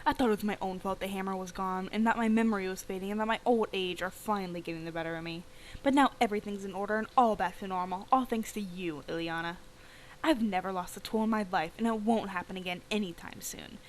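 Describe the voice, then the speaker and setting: Woman reading old game craftsman, grateful, earnest, plain middle pitch. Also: fast, a little hiss or hum, close to an everyday voice, poor audio.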